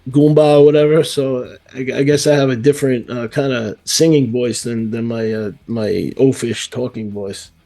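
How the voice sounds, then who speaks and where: A man's voice: mid-range voice, steady tone, normal speed, vocal fry, few pauses, mellow. A man from New York with a New York accent, a metal band vocalist chatting casually in an interview, rambling with many fillers and restarts.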